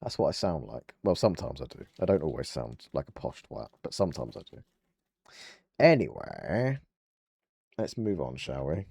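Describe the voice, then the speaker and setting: Animated southern English streamer. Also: male voice, very deep voice, normal speed, gravelly, breathy edge. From southern England. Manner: chatty, mock-indignant banter. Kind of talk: casual gaming livestream chat. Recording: dry close mic with faint game music.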